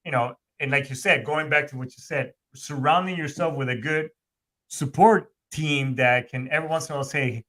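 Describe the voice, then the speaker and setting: A man's voice: on the high side, normal speed, fairly bright tone. A man in casual podcast chat, rambling with frequent restarts and blunt profanity.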